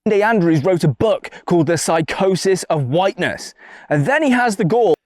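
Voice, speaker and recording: A man gives blunt, combative commentary to the camera. His voice sits a little high, and the recording is dry and close with no room sound. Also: expressive, moderate pace, no room sound. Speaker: political video commentator. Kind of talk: scripted video commentary.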